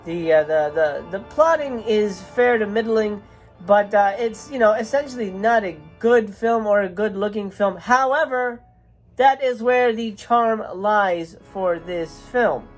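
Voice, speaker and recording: A woman's voice: medium pitch, measured pace, soft background music. A woman hosting a casual movie review vlog. She talks in a chatty, hesitant way with many filler sounds. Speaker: movie reviewer and channel host.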